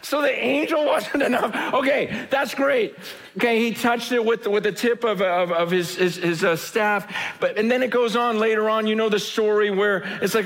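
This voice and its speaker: A man preaching a conversational sermon, animated and chatty, often repeating his words and laughing. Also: sits high, normal speed. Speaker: pastor.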